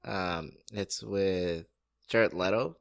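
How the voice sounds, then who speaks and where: A man with a gravelly, fairly low voice chats as a podcast co-host, laid-back and halting with fillers. The sound is dry and close, with no room echo. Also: expressive. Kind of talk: casual chat.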